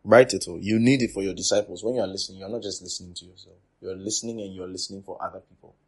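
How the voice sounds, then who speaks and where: A man delivers a teaching sermon in a lowish, husky voice. He repeats key phrases for emphasis and swings between forceful declarations and quiet, breathy asides. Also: fairly even intonation, racing. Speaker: preacher.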